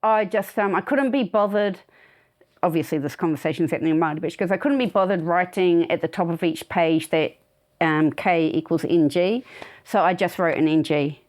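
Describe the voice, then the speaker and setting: A woman's voice: lowish voice, normal speed. Wry New woman telling an anecdote. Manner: wry, expressive storyteller. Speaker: guest. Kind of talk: anecdote in conversation.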